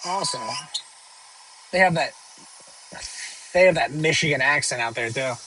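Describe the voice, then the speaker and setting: A man's voice: fairly high pitch, unhurried, pushed and bright, slight background noise, low-quality recording. Rambling joking streamer man. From northern United States. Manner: rambling, joking, with many fillers and restarts. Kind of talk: casual live-stream chat reading viewer questions.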